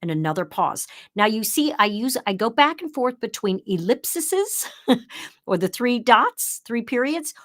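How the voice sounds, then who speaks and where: A woman's voice: on the high side, very animated, a little slow, fairly bright tone. A middle-aged woman presenting a live online workshop, explaining things in a chatty way and showing her points as she goes. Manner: drops into emphatic, broadcaster-style read when showing the script.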